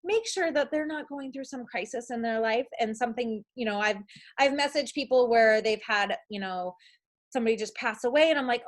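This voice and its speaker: A young woman giving a casual training talk to new coaches, chatty and upbeat, with many fillers and quick self-quotes. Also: on the high side. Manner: chatty, upbeat, lots of likes and ums; shifts into acted-out quotes of herself.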